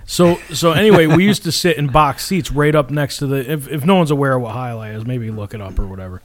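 A man's voice: mid-range voice, fast. Swearing man telling a rambling story. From Florida. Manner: swears a lot, animated, acts out quotes with shouts. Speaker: podcast co-host. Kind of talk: casual storytelling.

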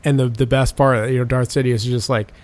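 A man's voice: mid-range voice, flat delivery, a little fast. A man in casual chat, animatedly retelling film scenes with lots of swearing and filler. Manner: profane, rambling storytelling.

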